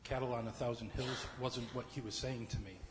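A man leading a church service, speaking gently and pausing for quiet prayer. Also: mid-range voice, fairly even intonation, in a large hall, noisy background.

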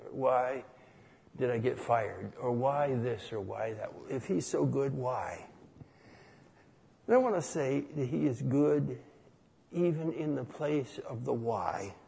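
A man preaching calmly about asking God why, in a slow, reflective way. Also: medium pitch, gravelly, slightly rough. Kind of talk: sermon.

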